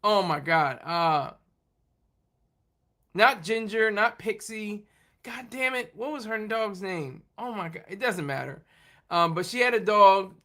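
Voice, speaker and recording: Hosting a casual livestream, a man with a high, bright, animated voice talks straight to his viewers. He sounds loose and unscripted, rambling, restarting sentences, tripping over words, and laughing often.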